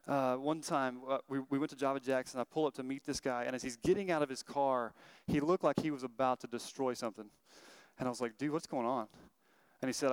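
A man in his thirties preaches in a quick, earnest, conversational way. His voice sounds smooth and clear, and it is recorded close and dry with no room sound. He keeps stumbling into restarts as he tells his stories. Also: mid-range voice, no echo. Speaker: pastor. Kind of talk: sermon.

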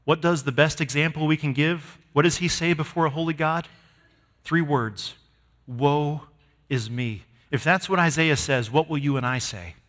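A man preaching a sermon to his congregation, emphatic, swinging from loud declarations to hushed lines. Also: fairly high pitch, normal speed. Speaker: pastor. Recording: long hall reverb.

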